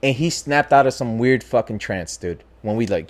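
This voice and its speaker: A man casually telling a spooky personal story as a podcast host, talking in a lively, profane way. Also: mid-range voice, moderate pace. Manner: animated, profane, acts out voices in his story.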